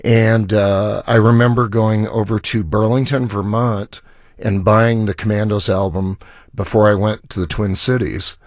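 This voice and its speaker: A man's voice: fairly low pitch, fairly even intonation, measured pace, no room sound, clean studio sound. A middle-aged man, a musician guest on a radio show, telling rambling stories in a casual way and acting out quoted lines. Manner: rambling anecdotes with restarts and acted quotes. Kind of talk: casual storytelling interview.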